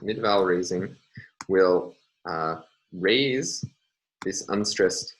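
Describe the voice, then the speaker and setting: Man, very low voice, lecturer, hesitant, lots of fillers, faint clicks behind. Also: expressive, a bit bright, a little hiss or hum, rough recording. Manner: hesitant, many fillers, deliberate explaining. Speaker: linguistics lecturer. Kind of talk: recorded lecture with worked examples.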